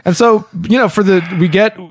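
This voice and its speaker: Podcast co-host, male, fast animated storyteller, a little higher-pitched than most men. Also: dry recording, clean studio sound. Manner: animated storyteller acting out quotes. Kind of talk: casual storytelling chat.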